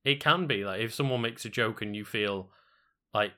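A man's voice: lowish voice, moderate pace, pushed and bright. A man co-hosting a stream in casual chat, rambling with many fillers and some swearing.

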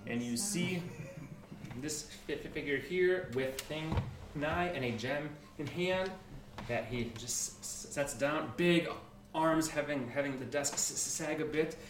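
A man narrating a tabletop game as game master, animated and halting, with many restarts. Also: on the high side, background noise. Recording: roomy room, distant mic.

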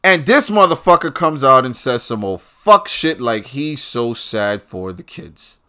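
A man delivering a profane political rant, swinging between low muttering and loud outbursts. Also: expressive, measured pace, smooth.

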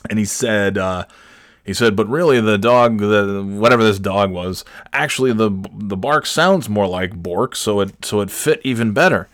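A man hosting a podcast, telling a rambling, self-correcting story in casual chat and jumping up in pitch when he quotes people. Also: no room sound, clean studio sound. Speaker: podcast host.

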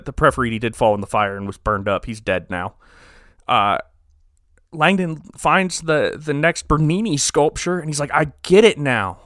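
A man casually recapping a movie plot on a podcast, rambling and joking with quick asides. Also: a little high, fairly bright tone, no room sound, studio quality. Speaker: podcast co-host recapping a film.

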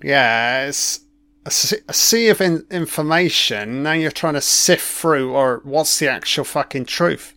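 A man's voice: a little high, measured pace, pushed and bright, dry recording. A man giving casual reaction commentary over an old broadcast, blunt and heavy on swearing, thinking aloud as he goes.

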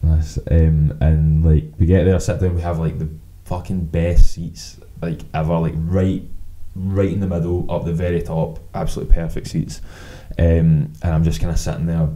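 A man's voice: sits low, flat delivery, normal speed, few pauses, mellow, low-quality recording. A Scottish man co-hosting a podcast, telling rambling, swear-laden anecdotes in casual chat and acting out both sides of the conversations. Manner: sweary, rambling anecdotes with quoted back-and-forth. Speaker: podcast co-host.

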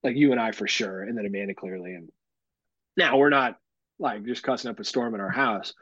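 Husky-voiced man in animated chat. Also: on the low side, brisk, no room sound, muffled recording. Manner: animated, swears freely, laughs often. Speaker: podcast host. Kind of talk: casual chat.

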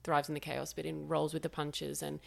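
A woman's voice: low voice, completely flat delivery, a little fast, vocal fry. A woman co-hosting a podcast. She chats casually, reflects on what her guest says and affirms it. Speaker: podcast co-host. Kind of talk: casual chat.

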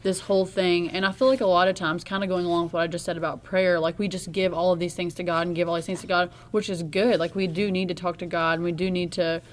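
Woman, lower voice, loose casual talk full of fillers, light noise behind. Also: quick pace, few pauses. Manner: relaxed, filler-heavy speech with frequent "like" and "you know". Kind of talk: casual podcast conversation.

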